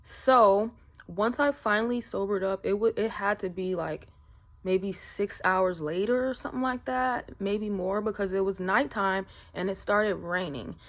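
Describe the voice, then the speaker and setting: Woman vlogger, mid-pitched, casual storyteller who rambles with fillers. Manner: chatty, rambling, many fillers.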